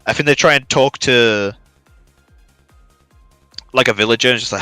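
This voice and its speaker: Bright-voiced man rambling on stream. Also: mid-range voice, moderate pace, no echo, faint music behind. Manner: rambling storytelling, frequent profanity. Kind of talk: casual chat.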